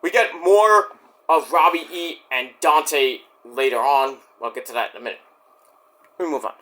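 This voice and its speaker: Recapping and reviewing a wrestling show in a casual way, this man is chatty and profane, acting out the wrestlers' lines as he goes. His voice is a little high, pushed and bright, at a normal speed.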